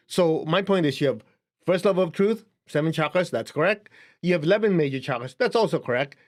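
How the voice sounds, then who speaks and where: A man with a Chinese accent giving a casual, conversational spiritual lesson, chuckling now and then as he explains. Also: on the high side. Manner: conversational, chuckling, shows a book to camera. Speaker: spiritual teacher. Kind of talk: casual teaching talk to camera.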